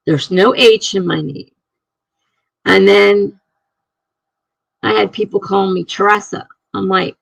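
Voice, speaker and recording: Raspy-voiced woman chatting on a live stream. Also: medium pitch, fairly even intonation, unhurried, long pauses, no echo, rough recording. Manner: rambling, chuckling, chatty. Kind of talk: casual chat reading viewer comments.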